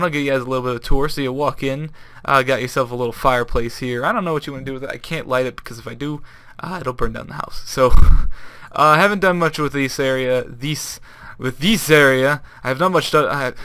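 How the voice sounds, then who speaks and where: Bright, crisp-voiced young man gaming. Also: medium pitch, dry recording. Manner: rambling, self-correcting, upbeat. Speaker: Minecraft YouTuber. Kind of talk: casual gameplay commentary.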